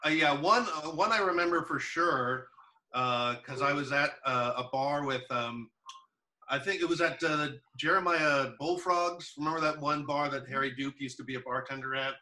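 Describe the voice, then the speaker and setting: A man's voice: fairly high pitch, normal speed, bright, forceful tone, far from the mic, low-quality recording. Rambling man telling stories off mic. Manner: rambling storyteller, many fillers. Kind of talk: casual chat.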